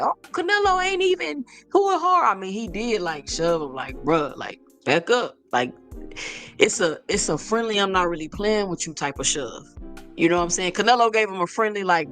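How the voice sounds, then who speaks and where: A woman hosting a boxing channel, giving casual opinions in a loose, chatty way full of "like" and "y'all", her voice sounding a bit rough today. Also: lowish voice. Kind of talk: casual commentary vlog.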